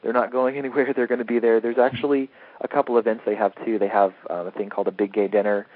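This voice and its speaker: A man's voice: fairly low pitch, flat delivery, fast talker. A man being interviewed as a comics editor, talking casually and eagerly, rambling a little and laughing easily. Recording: tinny phone-line audio.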